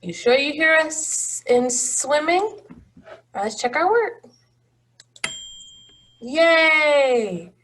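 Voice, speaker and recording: A woman's voice: high-pitched, big pitch swings, takes it slowly, fairly bright tone. A woman teaching a phonics lesson to young children, patient and encouraging, drawing out each word.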